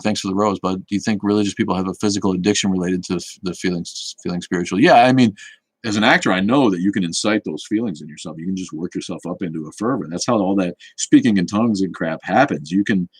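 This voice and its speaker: A man's voice: sits low, slightly rough, no echo, poor audio. A man, hosting a casual livestream, talking in a snarky, rambling way full of restarts as he answers chat. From Boston area.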